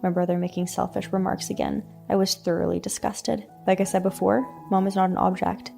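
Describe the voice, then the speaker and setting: A woman reading a first-person story in an even, scripted narration. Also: mid-range voice, fairly quick, vocal fry, hardly any pauses, soft background music.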